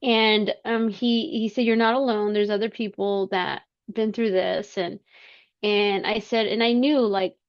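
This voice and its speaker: A woman telling her personal story as a podcast guest, halting, with many fillers and restarts. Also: mid-range voice, steady tone, muffled recording.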